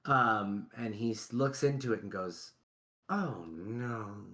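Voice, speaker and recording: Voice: medium pitch, unhurried, bright, forceful tone, a little hiss or hum. A game master narrating a tabletop game in a loose, chatty way, often checking in with "right?".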